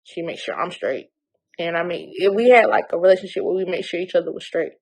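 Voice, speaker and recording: A woman's voice: on the low side, fast, rough recording. A young woman from North Carolina, telling an emotional storytime vlog bluntly while holding back tears. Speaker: vlogger.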